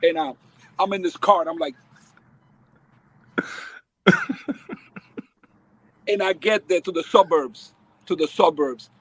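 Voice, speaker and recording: A man's voice: on the high side, moderate pace, breathy edge, dry recording. A man from the Dominican Republic telling his life story as a podcast guest, acting out the people in it. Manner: lively, acts out voices in his stories. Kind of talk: animated storytelling.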